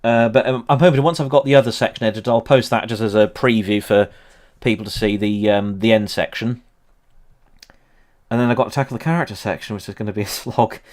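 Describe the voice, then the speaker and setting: A man's voice: lowish voice, steady tone, a little fast, darkish tone. A man in his thirties hosting a casual livestream about history, rambling with lots of ums and laughing often. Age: 30s. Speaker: history channel host.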